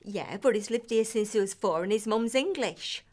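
A woman playing a loud, narrow-minded daughter, blunt and indignant. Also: mid-range voice, normal speed, natural voice.

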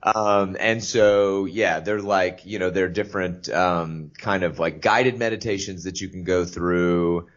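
A man co-hosting a casual podcast, talking in a halting way with many fillers and restarts. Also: low voice, fairly even intonation. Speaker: podcast co-host. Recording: dull lo-fi podcast audio.

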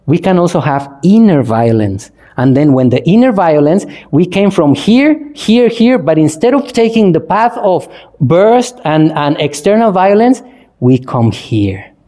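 Animated monk giving a dharma talk. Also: male voice, a little high, measured pace. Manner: animated, asks the audience questions, acts out examples. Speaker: Buddhist monk teacher.

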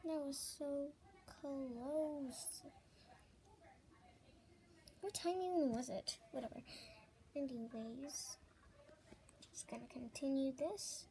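A young woman giving gameplay commentary into a tablet microphone held close, dropping to a whisper and then breaking into loud frightened outbursts. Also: sits high, takes it slowly, long pauses, a little hiss or hum. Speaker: gamer.

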